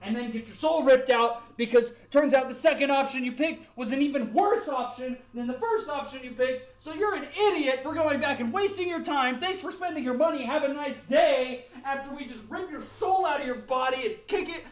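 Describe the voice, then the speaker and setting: A young man with a very high-pitched voice rants about a game, rambling and self-mocking. He paces around his room, so his voice drifts closer to and farther from the mic. The room gives it a noticeable echo. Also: a little fast, hardly any pauses. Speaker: gaming YouTuber. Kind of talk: ranting gameplay commentary. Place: home room at his computer. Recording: echoey room, varying distance from the mic.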